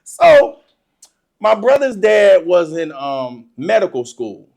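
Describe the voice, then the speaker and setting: An animated storyteller telling a funny childhood story, laughing often and acting out the excitement in casual, informal speech. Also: medium pitch, slow, creaky. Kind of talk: comedic personal storytelling.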